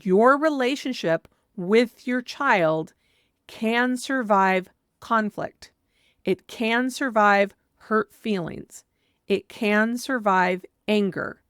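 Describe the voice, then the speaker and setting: A woman's voice: mid-range voice, slow, fairly bright tone, clear, resonant tone, no room sound, clean studio sound. A woman parenting coach giving earnest, direct advice, sometimes acting out what a parent might say with emphasis. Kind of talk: advice monologue.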